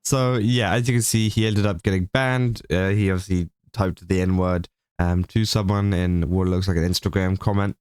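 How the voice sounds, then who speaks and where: Male commentary host, chatty and rambling, smooth lower voice, dry booth-like sound. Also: steady tone, normal speed, hardly any pauses, darkish tone, no room sound. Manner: rambling, many fillers, laughs between points. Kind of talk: casual commentary.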